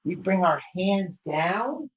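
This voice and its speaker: A man's voice: high-pitched, big pitch swings, slow pace, breathy edge, muffled recording. A man leading a children's yoga storytime, playful and encouraging, with little sound effects along the way. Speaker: kids' yoga instructor.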